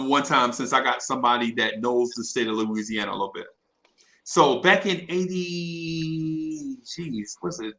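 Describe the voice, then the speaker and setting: Gravelly bright-voiced man, rambling. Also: fairly high pitch, low-quality recording. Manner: rambling, repeats words, laughs while telling stories. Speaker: regular in a live audio chat room. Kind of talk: casual storytelling chat.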